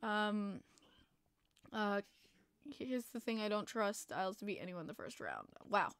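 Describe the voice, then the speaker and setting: A woman hosting a hockey podcast, chatting casually with viewers, excitable, swearing freely and laughing often. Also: medium pitch, a little slow, dry recording. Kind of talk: casual live-stream chat reading viewer comments. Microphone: plugged-in desk microphone.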